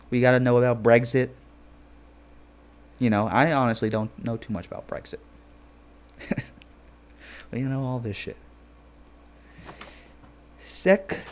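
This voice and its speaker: Brief: a young male streamer with a mid-pitched voice, casual and rambling, joking while he reads chat. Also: a little mellow.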